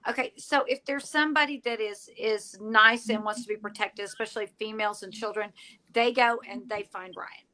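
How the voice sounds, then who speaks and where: A woman's voice: mid-range voice, fairly even intonation, a little fast, pushed and bright. Chatty woman on a ghost podcast. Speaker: paranormal investigator. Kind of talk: casual podcast chat.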